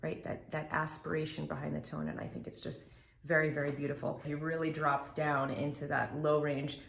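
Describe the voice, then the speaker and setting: A woman's voice: sits low, flat delivery, moderate pace, vocal fry, slight background noise. A woman reacting to a singer's performance and explaining his vocal technique, laughing easily as she talks. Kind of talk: analytical reaction commentary. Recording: roomy echo with loud music.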